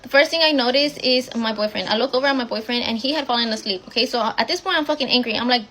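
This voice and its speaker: A young woman casually telling a personal story, blunt and swearing often as she rushes through the retelling. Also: a little high, sharp tone, rough recording.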